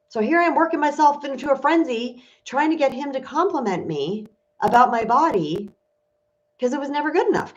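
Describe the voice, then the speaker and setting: A spiritual empowerment coach speaks to her viewers in a candid, emotional, confessional way, like a casual livestream. Her voice is fairly high and a little mellow. The stream audio is dull and lo-fi.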